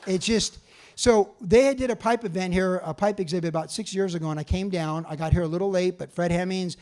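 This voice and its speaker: A man in his sixties from California, telling lively stories at a museum talk and acting out other people's lines. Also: sits high, brisk. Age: 60s. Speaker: author giving a talk. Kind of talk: storytelling presentation. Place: museum talk before an audience.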